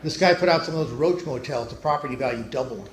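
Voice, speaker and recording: A middle-aged man doing stand-up at a church, telling joke stories with deadpan delivery and punchlines that drop low and quiet. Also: quick pace, a crowd in the background. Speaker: stand-up comedian. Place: church hall. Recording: echoey hall, faint noise.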